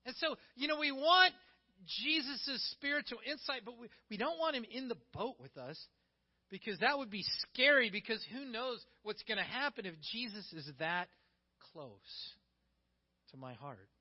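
Brief: pastor, animated conversational sermon, very high voice for a man, dull sound. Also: moderate pace. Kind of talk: sermon with Bible reading.

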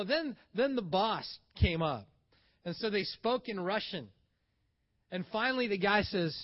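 A man telling a travel story in a casual, animated way, acting out the lines of the people he meets. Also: high voice, moderate pace, highs cut off. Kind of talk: casual spoken anecdote.

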